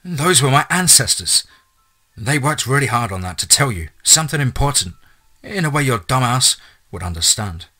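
A man's voice: mid-range voice, big pitch swings, normal speed, voice pushed up. A man voicing a blunt, annoyed young woman who talks sharply. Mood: angry. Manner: sharp, exasperated.

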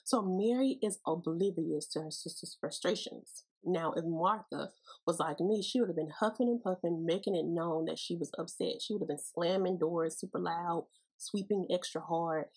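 Woman podcast host, Bible teaching, folksy and playful, breathy tone. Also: lowish voice, moderate pace, darkish tone, rough recording.

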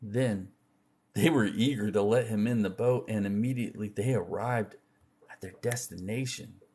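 A man reading scripture aloud in an unhurried, measured way, with occasional slips and restarts. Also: on the low side, darkish tone, breathy edge. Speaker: scripture reader.

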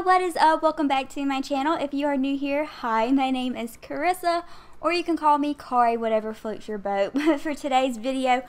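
A young woman chatting casually as a gaming YouTuber, bubbly and giggly, rambling along a little out of breath. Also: high-pitched. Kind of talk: casual chat.

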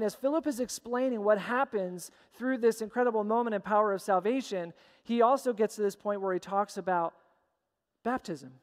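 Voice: medium pitch, fairly quick. Emphatic pastor preaching in a reverberant church. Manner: emphatic preaching with repeated phrases. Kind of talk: sermon. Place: church sanctuary. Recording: long church hall reverb.

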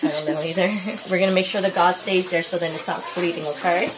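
A mother soothing her daughter after surgery, laughing and teasing gently while keeping the gauze in place. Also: fairly low pitch, fairly even intonation, fast, over a noisy crowd, poor audio. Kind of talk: casual family chat. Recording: loud background hiss.

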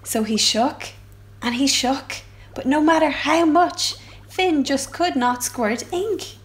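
A woman reading a children's picture book aloud for a library storytime, with expressive sound effects. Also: high-pitched, takes it slowly.

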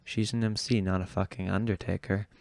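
A man's voice: low voice, level tone, fairly quick, gravelly, darkish tone, dry recording. A man voicing a sassy adult drag queen who calls everyone darling, read from an audiobook. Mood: dismissive.

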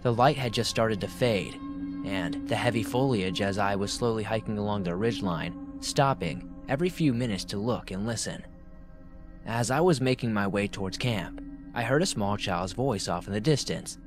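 Low-voiced man narrating horror stories. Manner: steady storytelling, drops to a hushed low tone in tense passages. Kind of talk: scripted horror story narration. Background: faint background music.

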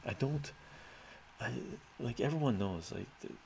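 A man's voice: mid-range voice, expressive, unhurried, creaky, darkish tone, a little hiss or hum. A man hosting a live stream, reading out chat questions and musing through them in a thoughtful, rambling way with sighs and fillers.

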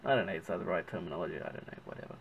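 A man's voice: low-pitched, rapid-fire, highs cut off, a little hiss or hum. A man with an Australian accent chatting casually as he narrates his drawing, often stopping to search for the right word. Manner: chatty, self-correcting, searches for words. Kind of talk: casual rambling commentary while drawing.

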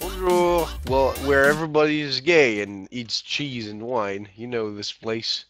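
A man's voice: medium pitch, fairly even intonation, measured pace, over music. A man chatting casually on a video call, joking and offhand. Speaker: video chat stranger. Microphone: webcam video call.

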